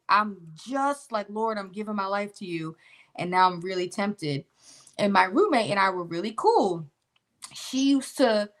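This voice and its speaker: Bright, animated young woman storyteller. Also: medium pitch. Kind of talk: casual testimony storytelling.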